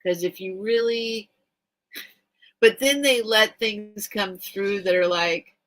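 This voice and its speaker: A woman's voice: medium pitch, slow, low-quality recording. A middle-aged woman hosting a late-night live sale stream, chatting casually and emotionally as she reacts to viewer comments.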